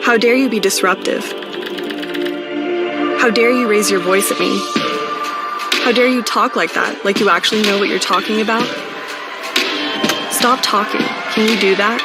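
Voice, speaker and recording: A woman's voice: mid-range voice, steady tone, normal speed, pauses often, lightly acted. A woman voicing a defiant narrator in a dramatic ad voice-over, with a challenging, rhetorical delivery. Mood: taunting. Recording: voice under loud music.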